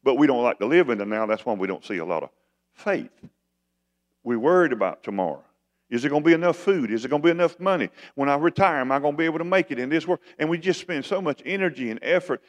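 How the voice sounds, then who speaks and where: A man's voice: on the high side, animated, fast. A man preaching a sermon as pastor, in a folksy, conversational way that keeps asking the congregation questions.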